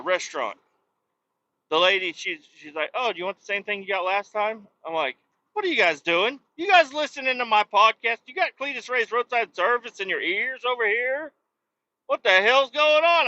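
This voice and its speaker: A man's voice: high-pitched, bright, forceful tone, no room sound, highs cut off. A man hosting his own podcast, ranting casually and profanely while driving, complaining with self-mocking humor. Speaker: podcast host. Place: vehicle on the road.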